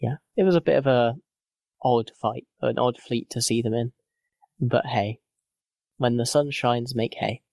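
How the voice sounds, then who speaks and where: A man's voice: mid-range voice, unhurried, creaky, long pauses, darkish tone, no room sound. A man co-hosting a casual gaming podcast, joking and self-deprecating in loose banter. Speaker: podcast co-host.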